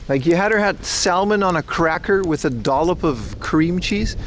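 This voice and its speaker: Dutch-accented male livestreamer, slightly high voice, loose rambling chat with viewers, faint street hum behind. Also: animated, normal speed, fairly bright tone. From Netherlands. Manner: rambling, chummy, addressing chat as bro. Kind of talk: casual IRL livestream chat. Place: walking outdoors and through a supermarket.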